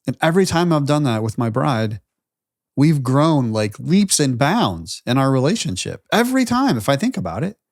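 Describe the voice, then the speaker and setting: A man's voice: medium pitch, sing-song, moderate pace, no echo, clean studio sound. A man talking reflectively in a casual panel discussion. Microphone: video call.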